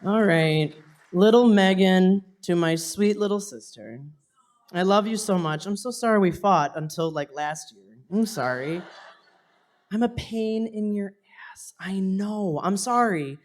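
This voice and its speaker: A man's voice: high voice, measured pace. A young man on a theater stage giving a heartfelt thank-you speech to a live audience, his voice sometimes dropping to a whisper and breaking into laughs. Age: young adult. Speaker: stage performer thanking family.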